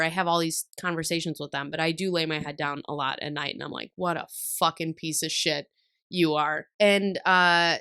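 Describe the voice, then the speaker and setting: A woman in her thirties hosts a casual podcast chat with a slightly low voice. She talks candidly, swears freely and laughs often while telling stories. The sound is close and dry. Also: bright, forceful tone, clear, resonant tone, no echo. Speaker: podcast host.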